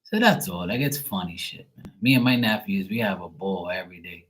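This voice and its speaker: A man chatting casually to camera, rambling and swearing freely in a relaxed way. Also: sits low, fairly quick, poor audio. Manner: rambling, profane, laid-back. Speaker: tarot reader, channel host.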